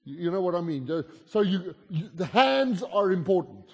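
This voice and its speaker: A very animated, high-voiced South African man speaks at a moderate pace, preaching a comic guest sermon in his native accent. The audio is lo-fi with slight hiss or hum plus the long reverb of a big hall, as he tells stories chattily and teases the crowd.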